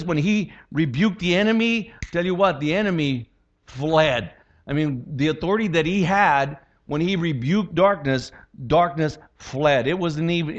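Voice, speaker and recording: Animated preacher man, muffled sound. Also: on the high side. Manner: animated, acts out quotes and voices. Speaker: pastor. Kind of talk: sermon.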